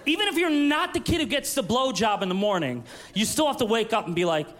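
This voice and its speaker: High-voiced, animated male comedian. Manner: rapid, incredulous storytelling. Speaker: stand-up comedian. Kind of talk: stand-up comedy set.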